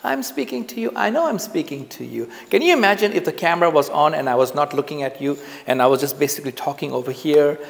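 Filming himself indoors, a man gives a casual on-camera lesson into the camera mic, relaxed and conversational, often repeating phrases for emphasis. His slightly high, gravelly voice moves fast with hardly any pauses. The room adds a long, trailing reverb.

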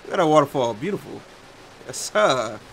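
A young man giving excited gameplay commentary, slangy and bursting into loud yells. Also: mid-range voice, normal speed, slight background noise. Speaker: gaming YouTuber.

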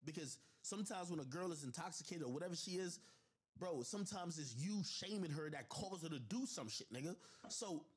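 A man on a livestream telling a personal story in an animated, profane way, addressing his viewers with lots of asides. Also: fairly high pitch, fairly quick, breathy edge. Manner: animated and profane, with constant "I'm like" asides to the audience. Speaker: livestream host.

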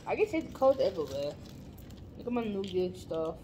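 A woman chatting casually in a daily vlog, animated and exclaiming, stretching out her words. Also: medium pitch, normal speed, dull audio, a little hiss or hum. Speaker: vlogger.

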